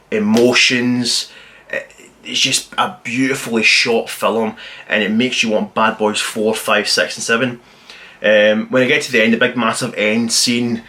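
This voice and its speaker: A man giving a casual, spoiler-filled film review, rambling and excitedly retelling the plot with plenty of swearing. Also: medium pitch.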